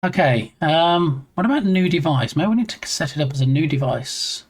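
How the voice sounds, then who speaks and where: A game-dev streamer talks through a stubborn device connection, half to themself and half to chat. The voice sits at an ordinary middle pitch. They read menu text aloud in a flat murmur, then brighten to welcome someone who has just arrived. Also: moderate pace. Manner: muses to self, reads screen text aloud, chats with viewers. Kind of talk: live-stream thinking aloud while troubleshooting. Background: headphones on.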